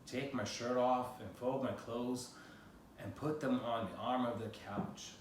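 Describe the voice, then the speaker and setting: This American reads from his own memoir at a measured pace, his medium-pitched voice steady and plain. Faint noise, distance, and heavy room echo color the recording.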